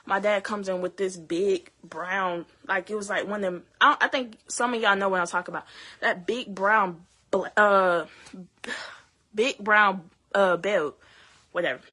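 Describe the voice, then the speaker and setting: Young woman vlogging her side of it, stops and restarts a lot, bright tone. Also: mid-range voice, steady tone. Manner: halting, many fillers and restarts, speaks to viewers directly. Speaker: vlogger telling her story. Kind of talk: emotional personal storytelling to camera.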